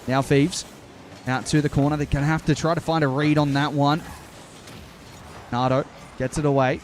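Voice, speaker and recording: A young man doing live play-by-play commentary on an esports match, calling the action briskly and breaking off to answer his chat. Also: a little high, level tone, slight background noise.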